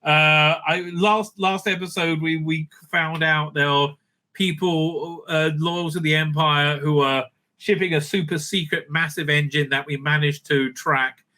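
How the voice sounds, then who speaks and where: A man's voice: on the high side, fairly even intonation, measured pace, bright, forceful tone. A man hosting a casual spoken review, sarcastic and crude, with many hesitant fillers. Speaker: show host, reviewer.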